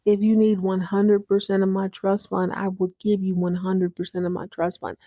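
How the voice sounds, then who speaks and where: A woman's voice: mid-range voice, completely flat delivery, normal speed, dark tone, dry recording, clean studio sound, lightly acted. A woman voicing an eager, loyal young man who talks in casual, earnest slang.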